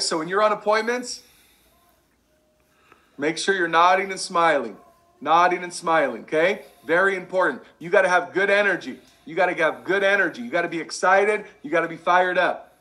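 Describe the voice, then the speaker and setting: A man coaching a sales team, energetic and repetitive, drilling catchphrases over and over. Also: high-pitched, moderate pace. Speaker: sales trainer. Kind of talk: energetic sales training talk.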